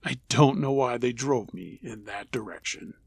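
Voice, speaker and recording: A man narrating true scary stories in a low, steady storytelling voice. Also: normal speed, creaky, slightly rough, no room sound.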